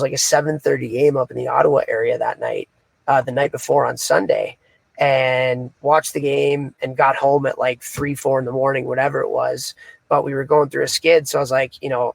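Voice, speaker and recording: Man, podcast co-host, casual storyteller, gravelly, dry close mic. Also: mid-range voice, no echo. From Canada. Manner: casual, filler-heavy, retelling conversations. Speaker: hockey coach, podcast co-host.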